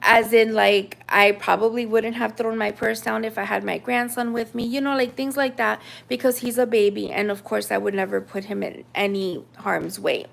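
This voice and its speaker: A woman's voice: a little high, normal speed, gravelly, few pauses. A woman in her thirties from the United States, telling a personal story in a chatty, casual way with lots of fillers. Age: 30s. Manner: chatty, animated retelling with many fillers.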